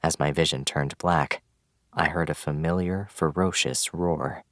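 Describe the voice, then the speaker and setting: A man giving scripted, measured audiobook narration of a fantasy novel. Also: very deep voice, steady tone, a bit bright, dry recording, clean studio sound.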